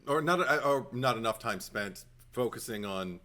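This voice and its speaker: A man co-hosting a podcast in casual chat, talking haltingly with many fillers and restarts and laughing often. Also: mid-range voice, animated, sharp tone. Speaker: podcast co-host.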